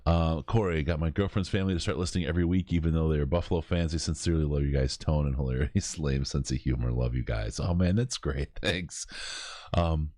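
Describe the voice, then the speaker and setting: A man's voice: extremely low pitch, fairly quick, dark tone, no echo, studio quality. A man hosting a late-night charity podcast, reading out live comments, joking and laughing often, tired. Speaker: podcast host.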